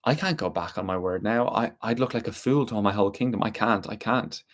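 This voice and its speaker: A man voicing a stubborn young king in a told story, talking quickly in a defensive, scoffing way. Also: fairly low pitch, close to an everyday voice.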